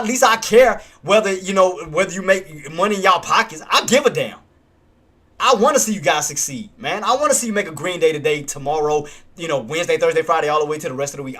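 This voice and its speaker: A man hosting a live trading stream talks in an emphatic, streetwise way. His voice sits high with a bright, forceful edge. He repeats himself to drive each point home. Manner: emphatic, repetitive, streetwise casual speech. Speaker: stock trading livestream host.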